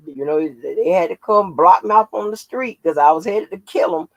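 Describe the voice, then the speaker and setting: Female channel host, gravel in the voice, loose, profane and laughing, dry close sound. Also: low-pitched, moderate pace, no echo, low-quality recording. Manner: salty, laughing, profane storytelling. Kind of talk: casual livestream chat.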